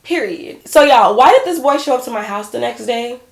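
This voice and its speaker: A woman in her twenties chatting casually to her viewers, telling a personal story in an animated way. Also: on the high side, moderate pace, vocal fry, reverberant. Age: 20s. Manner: animated, addresses viewers as y'all and girl. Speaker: vlogger.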